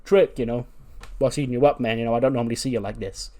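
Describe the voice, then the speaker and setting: A man's voice: medium pitch, steady tone, quick pace, warm tone, close to an everyday voice. A man voicing a laid-back male wrestler in a wrestling game playthrough, casual and questioning.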